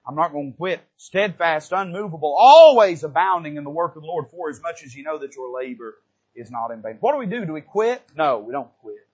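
High-voiced preacher with a husky voice. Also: male voice, very animated, brisk, muffled recording. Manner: swings from quiet to loud with repeated questions. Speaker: pastor. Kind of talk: sermon. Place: church sanctuary.

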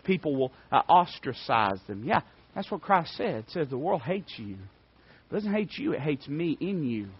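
A man preaching a sermon with fervor, swinging between quiet asides and loud declarations. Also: a little high, big pitch swings, normal speed, a little hiss or hum. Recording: dry, dull lo-fi sound.

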